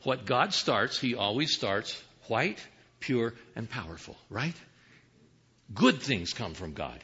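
Male preacher teaching scripture, husky and very bright, lively pitch, dull lo-fi recording. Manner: teaching Bible verses with rhetorical questions; swings from hushed to emphatic. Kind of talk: sermon. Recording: dull lo-fi sound.

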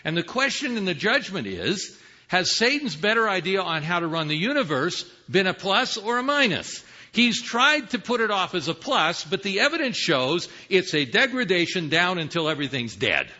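A man preaching a sermon, teaching Bible passages with rhetorical questions, swinging from hushed asides to emphatic calls. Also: high voice, big pitch swings, moderate pace. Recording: dull lo-fi sound.

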